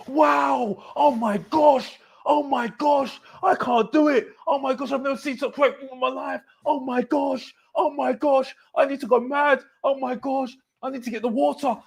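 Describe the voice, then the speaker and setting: A man's voice: extremely high pitch, steady tone, unhurried, gravelly, few pauses, pitched above the performer's own voice, exaggerated voice. A man mocking a gushing, overexcited male football fan, squealing and over the top.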